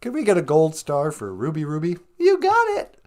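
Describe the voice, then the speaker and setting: A man voicing a chirpy, cartoonish sidekick who greets everyone with excited, sing-song beeps and hellos. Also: on the high side, normal speed. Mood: cheery.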